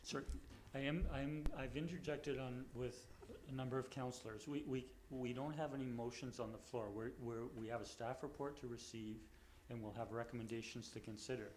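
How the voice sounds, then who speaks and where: A man's voice: medium pitch, fairly even intonation, brisk, a little mellow, a little hiss or hum. A man serving as mayor, chairing the council meeting firmly and stumbling over repeated words.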